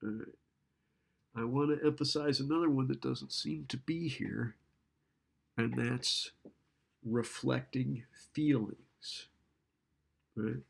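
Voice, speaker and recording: A man's voice: mid-range voice, steady tone, slow, creaky, pauses often, husky. A man lecturing in a casual, conversational way, often checking in with "right?" and acting out client and therapist lines. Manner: conversational, keeps asking "right?".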